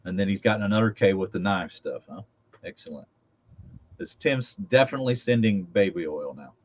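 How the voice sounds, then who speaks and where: A man's voice: deep voice, expressive, fairly quick. An American man co-hosting a livestream, joking and teasing in casual banter over a video call. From United States. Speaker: co-host. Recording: lo-fi audio.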